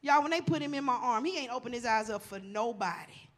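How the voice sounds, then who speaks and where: A woman in her forties telling a profane stand-up comedy story, animated and talking straight to the audience. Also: a little high, fast.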